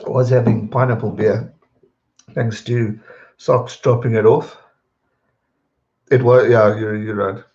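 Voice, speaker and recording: A man's voice: mid-range voice, takes it slowly, long pauses. Laid-back man chatting. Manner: relaxed, rambling, repeats words when distracted. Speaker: streamer answering viewer questions. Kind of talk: casual live-stream chat. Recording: dull roomy home stream audio.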